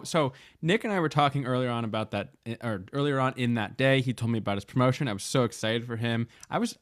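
A man co-hosting a podcast, telling a story in casual chat, getting animated and laughing as he goes. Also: dry recording, clean studio sound. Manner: animated storyteller, laughs and rises in pitch when excited. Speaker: podcast co-host. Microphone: studio microphone.

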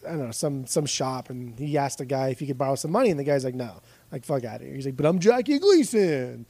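A man's voice: mid-range voice, mellow, no room sound. A man chatting casually about records, telling rambling stories, swearing easily and laughing often. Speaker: podcast co-host.

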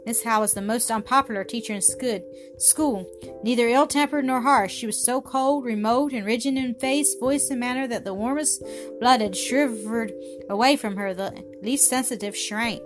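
A woman's voice: fairly high pitch, normal speed. Woman reading a story over music. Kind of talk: scripted narration. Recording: music playing behind the voice.

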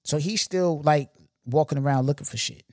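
A man's voice: fairly high pitch, moderate pace, a little mellow, no room sound, clean studio sound. A man hosting a podcast, retelling stories in a casual, slangy and emphatic way with frequent asides to the listener. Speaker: podcast host. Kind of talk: casual storytelling monologue.

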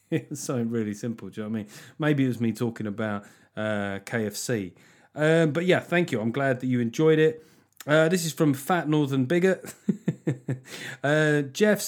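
A middle-aged man hosting his own podcast, chatting casually with rambling, self-deprecating jokes. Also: mid-range voice. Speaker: comedian and podcast host. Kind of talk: casual solo podcast chat.

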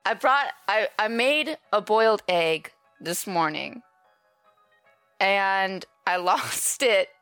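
A woman's voice: medium pitch, lively intonation, takes it slowly, fairly bright tone, clear, resonant tone, dry recording, faint music behind. A woman from the Minnesota and Illinois area with an Upper Midwest accent, co-hosting a podcast in casual, giggly, self-deprecating chat. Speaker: podcast co-host.

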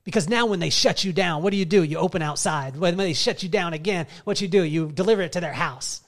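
A man's voice: high-pitched, fast. A middle-aged man giving an emphatic, story-driven motivational speech at a live summit. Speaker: keynote speaker.

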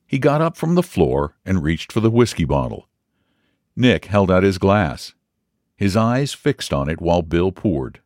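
A man reading a story aloud as narrator, measured and expressive. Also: deep voice, no echo, clean studio sound. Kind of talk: audiobook reading.

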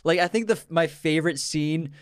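A man's voice: on the high side, moderate pace, clear, resonant tone, no room sound, studio quality. A man co-hosting a casual film podcast, chatting loosely, laughing often and quoting movie lines. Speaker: podcast co-host. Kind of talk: casual chat about films.

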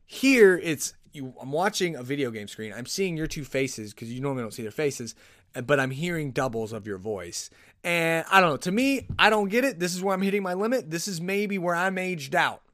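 A man hosting a podcast, telling rambling, animated stories and often cutting himself off. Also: on the high side, normal speed, no echo, clean studio sound. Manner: rambling, animated, self-interrupting. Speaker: podcast host. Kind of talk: casual solo podcast storytelling. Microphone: podcast microphone.

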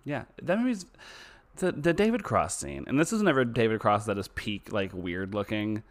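Lowish guy cohosting a podcast, lively up-and-down voice, swears, rambles. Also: normal speed. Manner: chatty, swears freely, trails off. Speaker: podcast co-host. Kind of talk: casual chat.

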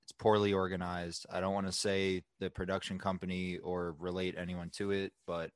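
A man's voice: low-pitched, flat delivery, normal speed, clean tone, dry recording, studio quality. A young man co-hosting a podcast, telling stories in a laid-back, slangy way, worn out from long workdays. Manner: laid-back slangy storytelling, says dude and bro. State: tired and worn out. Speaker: podcast co-host. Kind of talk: casual chat.

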